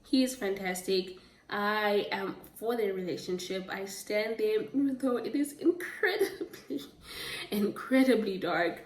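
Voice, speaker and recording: A woman's voice: mid-range voice, a little slow. A woman vlogging casual book reviews in a chatty, rambling way, often stopping to correct herself. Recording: roomy, distant from the mic.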